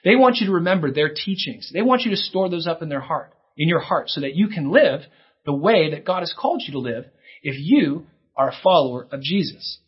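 Brief: male pastor, children's sermon, lively husky delivery, somewhat high voice, dull lo-fi sound. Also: brisk. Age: adult. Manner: animated, acts out kids' lines in a higher voice. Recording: dull lo-fi recording.

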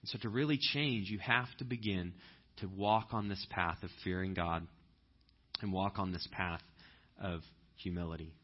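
A man preaching a conversational sermon, telling stories and breaking into loud animated impressions. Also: low-pitched, moderate pace, highs cut off. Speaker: pastor.

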